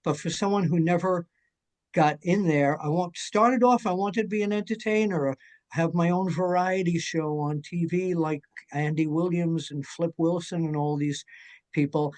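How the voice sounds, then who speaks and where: An older man chatting as a guest, telling stories in an energetic, jokey way. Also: a little high, moderate pace. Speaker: guest, wrestling journalist. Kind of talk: casual chat.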